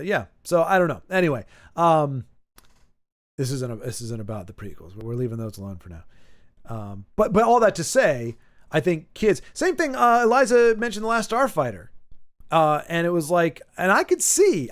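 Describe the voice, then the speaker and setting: A man in his forties talks casually on a stream. He rambles, restarts his sentences and jumps animatedly between thoughts. His voice sits a little higher than most men's. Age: 40s.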